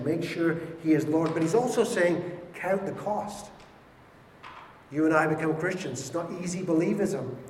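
Male pastor, emphatic sermon delivery, slightly high voice, long hall reverb with faint room noise. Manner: emphatic, repeats words for stress. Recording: echoey hall with faint ambience.

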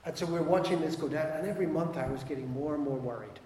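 A man preaching a sermon as pastor, animated, acting out quoted voices and swinging between loud and soft. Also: a little high, fairly quick, reverberant, big-room sound, crowd noise.

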